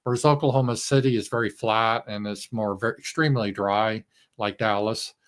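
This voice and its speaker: A man's voice: lowish voice, steady tone, moderate pace, a bit bright. A man hosting a casual livestream chat, rambling with many fillers and restarts. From Arkansas. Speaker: host.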